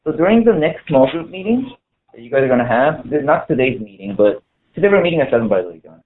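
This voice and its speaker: A man's voice: on the high side, sing-song, quick pace. A man preaching a casual sermon to a small group, talking conversationally with many fillers and restarts. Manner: conversational, full of "you know" fillers and restarts. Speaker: pastor. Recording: tinny phone-like lo-fi recording.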